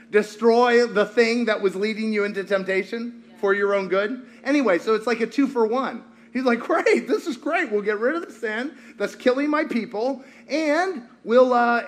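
Animated high-voiced male preacher. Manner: animated storytelling with acted-out quotes. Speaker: pastor. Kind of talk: sermon.

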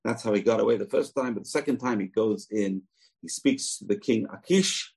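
Torah teacher guy, chatty and rambling, gravelly husky voice. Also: lowish voice, fairly quick, darkish tone, low-quality recording. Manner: chatty and digressive, with asides. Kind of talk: casual scripture lesson.

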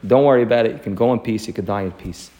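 A man voicing an elderly, revered rebbe who calmly reassures his dying son-in-law in a told story. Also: fairly low pitch, racing, natural voice. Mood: reassuring. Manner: soothing, unworried, insistent. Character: old revered male rebbe, calm and reassuring.

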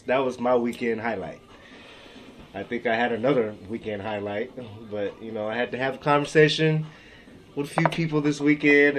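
A man co-hosting a podcast in loud, profane, teasing casual chat. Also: mid-range voice, slight background noise. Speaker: podcast co-host.

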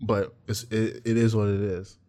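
A man's voice: on the low side, level tone, normal speed, dark tone. A young man co-hosting a casual chat, telling profane stories with lots of laughter and acted-out quotes. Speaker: podcast co-host.

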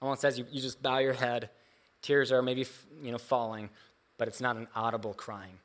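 A man's voice: medium pitch, flat delivery, normal speed, a bit bright. A man preaching a sermon, reading scripture and explaining it earnestly, with emphatic rises and frequent restarts. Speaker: pastor.

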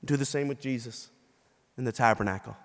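Male bishop, mid-pitched, giving a story-driven sermon in a church with a long reverb. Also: brisk. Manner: storytelling, acting out quoted people. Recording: long reverb of a large hall.

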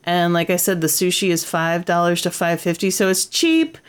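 A chatty woman co-hosting a relaxed conversation. Her voice sits fairly low for a woman, and she fills her talk with ums and likes as she goes. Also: normal speed, clear, resonant tone. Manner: chatty, with frequent fillers and laughs. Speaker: podcast co-host. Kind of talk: casual chat.

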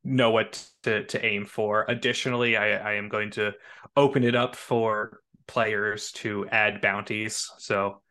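A man's voice: lowish voice, flat delivery, unhurried, pushed and bright. A man on a podcast explaining his tournament plans casually, hesitating with plenty of fillers. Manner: hesitant, many uhs and you-knows. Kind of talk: casual chat.

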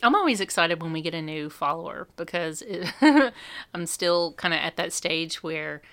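A woman's voice: lowish voice, lively intonation, normal speed, a bit bright. A Southern woman co-hosting a podcast, giggly and playful. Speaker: podcast co-host. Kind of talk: casual chat.

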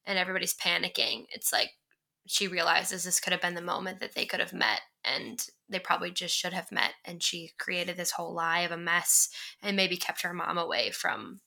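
A young woman talks over a movie she loves in a casual podcast chat. Her voice is very bright and sharp, with a gravelly fry at the bottom of it. She is chatty and fills her sentences with "like.". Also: on the low side, moderate pace, low-quality recording. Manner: chatty, lots of "like" fillers, acts out quoted lines.

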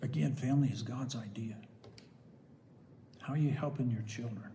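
An older man preaching a sermon, swinging from loud, emphatic exclamations to soft asides. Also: mid-range voice, normal speed, big-room sound, slight background noise.

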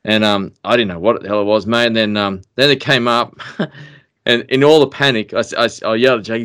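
An Australian man, a podcast guest, telling a story in casual chat, excitable and animated, trailing off into fillers. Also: mid-range voice, fairly quick, clean tone.

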